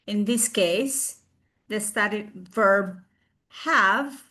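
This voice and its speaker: A woman presenting a recorded online class on a video call, explaining slowly with fillers and restarts. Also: medium pitch, bright, forceful tone.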